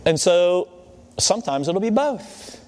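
A man's voice: sits high, big pitch swings, takes it slowly, a little mellow, a little hiss or hum. A man preaching a sermon in a conversational way, often checking in with his listeners. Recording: long hall reverb.

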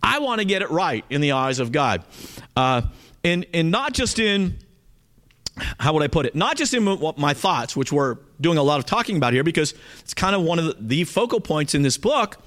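Lively, earnest male Bible teacher. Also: a little high, moderate pace. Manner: earnest, emphatic, often checks in with "okay?".

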